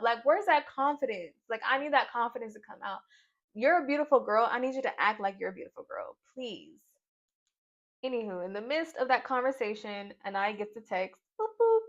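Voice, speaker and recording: A woman's voice: a little high, a bit bright. A woman from Nashville chatting through a reality TV recap with sassy, playful asides. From Nashville, Tennessee, US. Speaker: YouTube reality TV reviewer. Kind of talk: casual recap vlog. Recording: dull lo-fi sound.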